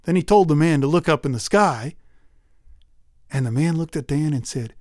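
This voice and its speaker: A man telling a folk tale in a folksy, animated way. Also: mid-range voice, moderate pace, dry recording, clean studio sound. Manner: folksy, animated, lively voices. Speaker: storyteller.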